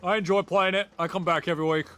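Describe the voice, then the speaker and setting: A young man acting as game master, narrating a tabletop game with lively, animated energy and casual swearing. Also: high-pitched, fast talker.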